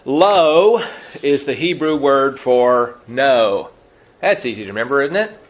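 A man teaching a Bible study in a relaxed, conversational way, slowing down to explain Hebrew words and asking the listeners questions. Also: mid-range voice, highs cut off, slight background noise.

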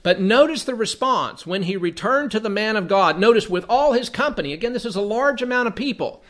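A man's voice: sits high, lively intonation, brisk, a bit bright. A man teaching from the Bible, reading passages aloud and then explaining them in a conversational way, often repeating words as he thinks.

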